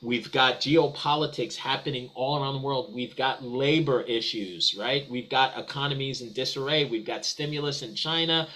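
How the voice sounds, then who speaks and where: A man's voice: mid-range voice, moderate pace, few pauses, bright, forceful tone, rough recording. A man answering as a guest in a business webinar, talking eagerly with frequent restarts and repeated words. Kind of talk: conversational webinar discussion.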